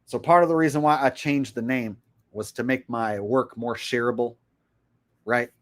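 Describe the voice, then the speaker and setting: A man's voice: mid-range voice, normal speed. A man hosting his own livestream, ranting casually and rambling with frequent swearing. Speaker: livestream host.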